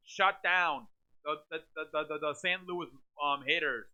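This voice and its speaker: A man hosting a live sports reaction stream, scolding chat viewers over and over and calling the plays in a loud, repetitive way. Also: a little high, moderate pace. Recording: dull lo-fi stream audio.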